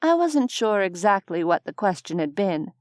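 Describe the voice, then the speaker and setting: Reading scripted first-person narration, this female audiobook narrator has a mid-range voice and speaks at a normal speed. Her storytelling is wry and even. There's no echo, and the studio sound is clean.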